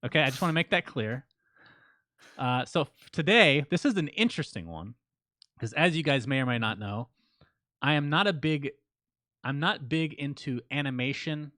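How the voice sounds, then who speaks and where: A man's voice: a little high, moderate pace, long pauses, no echo. Dry-voiced man teasing his co-host. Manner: dry teasing, deadpan ribbing; reads listener names out as shout-outs. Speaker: podcast co-host. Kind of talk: casual podcast banter.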